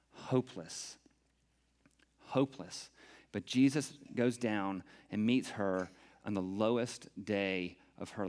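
A middle-aged man preaches a sermon, dropping into quiet, heavy passages and then lifting into lively, animated stretches. His voice sits in a middle pitch. It carries a long reverb from the hall. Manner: expressive, swings from hushed to animated. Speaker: pastor. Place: church hall.

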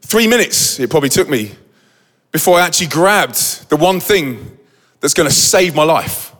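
A man telling a dramatic story to a live audience, animated and acting out the scene with quoted voices. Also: fairly high pitch, moderate pace, long reverb tail.

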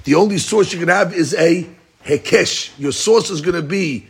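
Gravelly husky male Talmud teacher. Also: fairly high pitch, normal speed. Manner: emphatic, repeats and restates points. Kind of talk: explaining a text to students.

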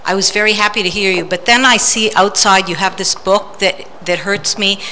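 A woman's voice: mid-range voice, steady tone, normal speed, sharp tone, slight background noise. A woman in the audience asking an earnest, hesitant question.

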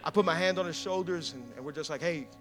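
A male pastor telling a story in a sermon, animated, acting out quotes and laughing often. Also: on the high side, quick pace, soft background music.

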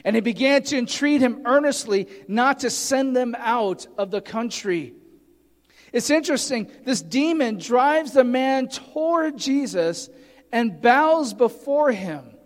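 A man's voice: very high voice, lively intonation, measured pace, big-room sound. A man preaching a sermon, earnestly teaching and reading scripture aloud with emphasis. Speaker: pastor.

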